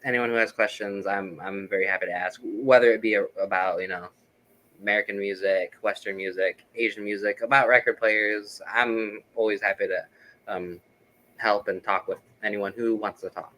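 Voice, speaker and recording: A man speaks in a bright, forward voice, rambling eagerly through his explanations. He stumbles and restarts often, filling pauses with ums. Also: lowish voice, steady tone, slight background noise, low-quality recording. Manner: rambling, filler-heavy, enthusiastic explaining. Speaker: guest, record collector. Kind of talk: casual interview chat.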